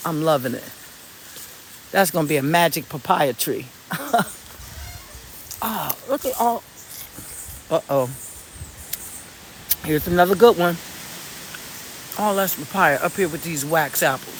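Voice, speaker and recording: A vlogger chatting casually on a live stream from an outdoor garden, telling stories bluntly with swearing and excited exclamations. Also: mid-range voice, measured pace, long pauses, slight background noise. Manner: animated, blunt storytelling with swearing; excited exclamations while looking at plants. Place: outdoors in a garden among fruit trees.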